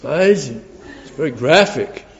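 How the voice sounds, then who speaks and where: A man's voice: mid-range voice, animated, normal speed, a bit bright, slight background noise. Male preacher, earnest and emphatic, repeats words for weight; dull recording with a hall echo. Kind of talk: sermon.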